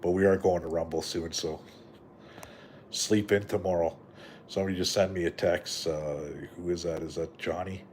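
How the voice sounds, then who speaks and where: A man's voice: low-pitched, steady tone, normal speed, darkish tone, slight background noise. A middle-aged man from Canada hosting a live stream, chatting in a rambling, profane way with lots of fillers and "right?" tags. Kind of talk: casual rambling live chat.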